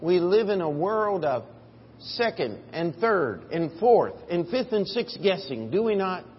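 A man preaching a sermon in a church, telling a story and moving between quiet, drawn-out phrases and loud, emphatic bursts. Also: high-pitched, big pitch swings, husky. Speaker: pastor. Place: church sanctuary. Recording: dull audio in a reverberant hall.

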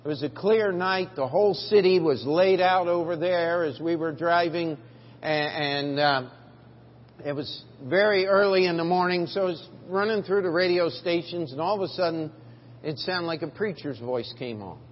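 A man's voice: fairly high pitch, moderate pace, slight background noise. A middle-aged man preaching a sermon as pastor, in a folksy, emphatic way with frequent restarts, recorded in a church sanctuary. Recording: dull, lo-fi church recording with long reverb.

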